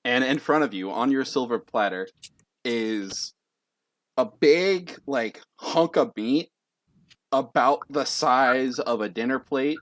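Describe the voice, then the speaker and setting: A man's voice: medium pitch, animated, slow, fairly bright tone, no echo. A man running a tabletop game as game master, telling the scene in a loose way full of fillers. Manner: loose, filler-heavy storytelling.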